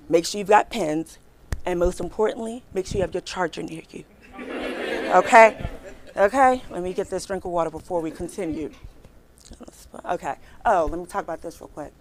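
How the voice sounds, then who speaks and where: With a fairly low pitch and a slightly fast pace, a woman in her forties gives a lively career talk to a live audience. She's chatty and animated, talking directly to the crowd and performing her own reactions as she tells a story.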